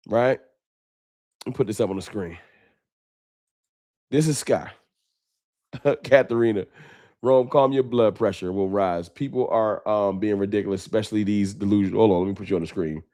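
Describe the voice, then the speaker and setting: A man's voice: lowish voice, dark tone, dry recording, clean studio sound. A man hosting a late-night sports fan livestream, talking off the cuff with emotion and slang. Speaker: sports fan show host.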